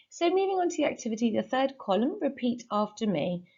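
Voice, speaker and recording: A woman, a teacher giving a recorded lesson with clear, patient instructions and repeat-after-me drills. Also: on the high side, big pitch swings, fairly quick, hardly any pauses, darkish tone, muffled recording. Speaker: Spanish teacher.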